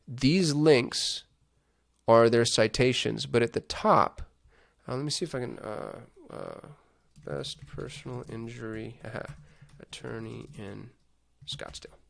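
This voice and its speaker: A man's voice: mid-range voice, gravelly. A man hosting a casual screen-share walkthrough on digital marketing, thinking aloud with chatty asides.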